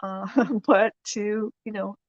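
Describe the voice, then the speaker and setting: A woman's voice: mid-range voice, fairly even intonation, slow, dry recording, lo-fi sound. A woman hosting a weekly prayer show, giving a chatty, rambling faith lesson with frequent laughs. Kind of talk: casual faith teaching.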